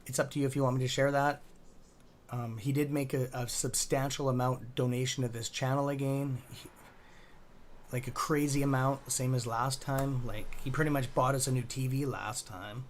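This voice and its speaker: A man's voice: medium pitch, little pitch movement, moderate pace, a little hiss or hum. A man hosting a casual live stock-trading stream, rambling and chatty with a sore throat, swearing now and then.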